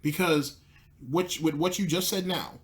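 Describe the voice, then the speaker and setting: A man's voice: a little high, steady tone, measured pace. A man hosting a commentary show, talking in a mocking, needling way with plenty of profanity. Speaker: commentary host. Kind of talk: sarcastic commentary.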